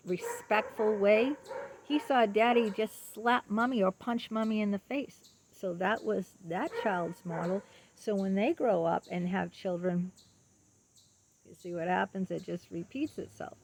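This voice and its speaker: A woman in her fifties talking earnestly about her own life in a personal monologue, halting often with ums and restarts and asking rhetorical questions. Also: medium pitch, a little mellow. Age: 50s. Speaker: vlogger.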